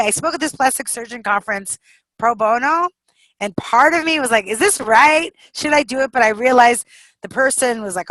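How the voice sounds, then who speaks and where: A middle-aged woman coaching a group over a video call, energetic and encouraging, with frequent laughs. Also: fairly high pitch, dry recording, poor audio. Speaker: speaking coach.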